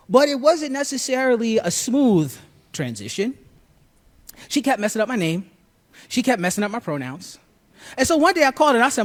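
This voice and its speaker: A man from Buffalo telling a personal story, expressive and acting out the lines he quotes. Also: high voice. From Buffalo, New York.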